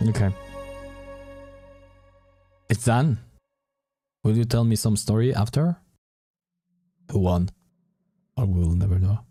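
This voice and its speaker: Low, mellow man streaming a game. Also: slow pace, long pauses, soft background music. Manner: relaxed, thinking aloud as he reads. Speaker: gaming streamer. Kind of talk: casual let's-play commentary and reading game text.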